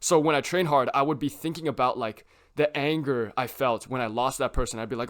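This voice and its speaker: A man's voice: medium pitch, a little fast, hardly any pauses, a bit bright. A young man talking casually to camera about self-improvement, rambling with lots of filler words and tag questions. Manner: rambling, heavy use of "like" and "right?".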